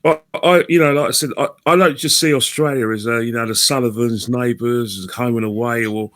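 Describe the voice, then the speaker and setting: A man chats as a podcast guest at a middling pitch. He rambles and often restarts his sentences. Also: brisk, fairly bright tone. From England. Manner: rambling, chatty with frequent restarts. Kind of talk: casual podcast chat.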